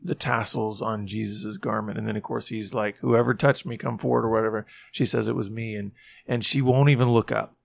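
A man's voice: on the low side, steady tone, fairly quick, gravelly, slight background noise. A man co-hosting a faith podcast, reflectively retelling a scene in a casual conversation. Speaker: podcast co-host.

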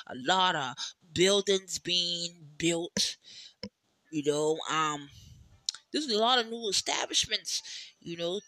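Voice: mid-range voice, bright, forceful tone, no room sound. A podcast host telling loose stories in a casual solo chat, swearing freely, laughing often and rambling through lots of "you know"s. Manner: loose, chatty storytelling with swearing and frequent laughs; talks in rambling asides with many "you know"s.

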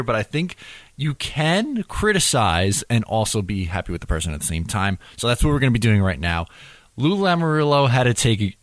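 A man hosting a casual sports podcast, talking in a steady, measured, explaining way. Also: mid-range voice, no room sound. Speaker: podcast host.

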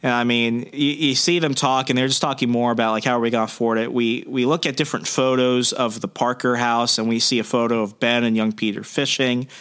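Male co-host, bright tone, rambling casual recap. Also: medium pitch, fairly even intonation, a little fast, few pauses, clear, resonant tone. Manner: rambling, lots of fillers, earnest. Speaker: podcast co-host.

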